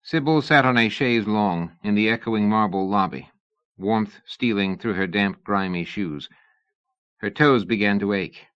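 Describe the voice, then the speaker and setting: A man narrating a novel in a measured storytelling manner. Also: fairly low pitch, fairly bright tone, clean tone, lo-fi sound. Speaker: audiobook narrator. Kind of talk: scripted narration.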